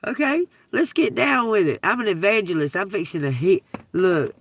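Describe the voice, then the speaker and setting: A woman telling profane, laughing stories on a casual livestream, breaking into loud outbursts. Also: mid-range voice, lively intonation, moderate pace, dry recording, recorded from a distance. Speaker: livestream host. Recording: dry, from away from the mic.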